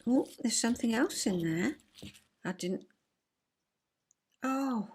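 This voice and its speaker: A woman's voice: a little high, lively intonation, slow, slightly rough. Older english lady nattering to the camera, rambly and chuffed about everything. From England. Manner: chatty, rambling, warmly enthusiastic with little laughs. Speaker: vlogger. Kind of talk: casual chat to camera.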